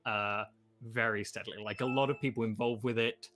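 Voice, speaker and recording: Measured, thoughtful man chatting. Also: on the low side, fairly even intonation. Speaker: podcast host and player. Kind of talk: casual chat.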